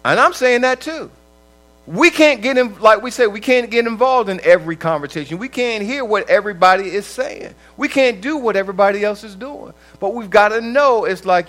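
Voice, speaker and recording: A man's voice: high voice, moderate pace, a bit bright, low-quality recording. A man preaching a conversational sermon, acting out quoted voices and laughing often.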